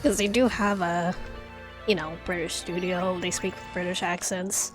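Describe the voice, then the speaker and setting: A woman's voice: fairly low pitch, steady tone, moderate pace, poor audio. A woman streamer chatting casually while playing a game, laughing often. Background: game music.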